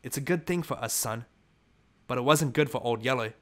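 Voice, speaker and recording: A sorrowful frontier mother, firm yet gentle, speaking quietly and steadily, as a male audiobook reader puts her on. Her voice sits near his own middle pitch, only slightly lifted. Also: fairly quick, lightly acted.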